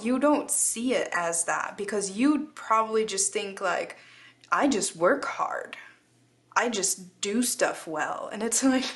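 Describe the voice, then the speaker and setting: A young woman giving a casual tarot reading, chatty and giggly, full of filler words. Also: a little high. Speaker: tarot reader.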